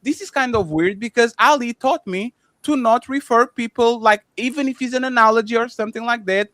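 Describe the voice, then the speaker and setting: A man hosting a heated podcast panel, firmly moderating and swinging between loud and soft. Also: extremely high pitch, brisk, no echo.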